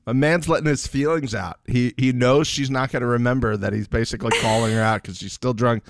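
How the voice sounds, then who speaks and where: A man co-hosting a casual recap podcast, animated and quick to mimic voices. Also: mid-range voice, creaky, no room sound, clean studio sound. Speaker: podcast co-host.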